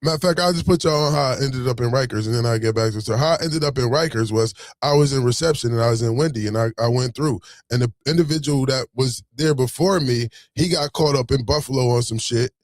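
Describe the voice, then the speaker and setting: A man telling a story in a casual, animated, streetwise way, swearing freely. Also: medium pitch, fast talker, few pauses, no echo, studio quality.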